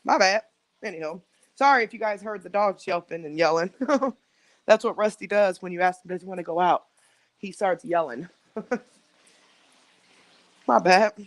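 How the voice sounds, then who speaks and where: A woman chats into her phone on a live stream at home, rambling from one thought to the next and talking straight to her viewers. Her voice sits at an ordinary middle pitch. The sound is dry and close, with no room echo. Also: moderate pace, long pauses. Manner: rambling, chatty, talks to viewers directly. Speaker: livestream host. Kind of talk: casual live-stream chat.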